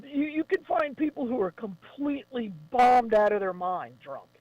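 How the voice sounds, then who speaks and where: A man talking as a guest on a radio show, enthusiastic and quick to chime in. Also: very high voice, animated, a little mellow, no echo, lo-fi sound. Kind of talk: casual radio chat.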